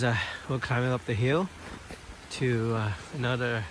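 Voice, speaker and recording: Slow-talking awestruck man outdoors. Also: medium pitch, fairly even intonation, slight background noise. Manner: awestruck, keeps exclaiming over the view. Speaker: nature vlogger. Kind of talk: casual narration while walking outdoors. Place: outdoors on a hillside trail near a waterfall.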